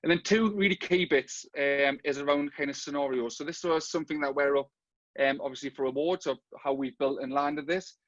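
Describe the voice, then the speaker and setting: A man with a Geordie accent rattles through a software pitch at speed, leaning on "kind of" and "on there". His voice sits at a middling pitch. The audio is dry and a little dull, like a lo-fi video call. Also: no room sound. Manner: rapid, filler-laden pitch with "kind of". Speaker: software company presenter. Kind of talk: webinar product presentation.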